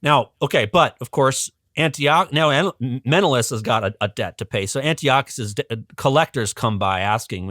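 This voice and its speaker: A man, a guest educator, telling a history story on a podcast in a casual, animated way, chuckling often and restarting his sentences. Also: medium pitch, normal speed, few pauses, no echo, clean studio sound.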